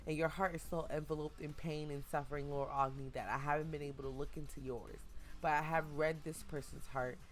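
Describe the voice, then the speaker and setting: A woman's voice: low-pitched, steady tone, brisk, faint music behind, close to an everyday voice. A woman reading the lines of a polite, earnest seer who reads hearts. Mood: urgent.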